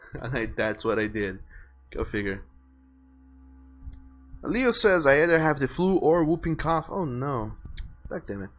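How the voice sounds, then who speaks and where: A man giving casual let's-play commentary on a live stream, chatting and reading game text and viewer messages aloud. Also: mid-range voice.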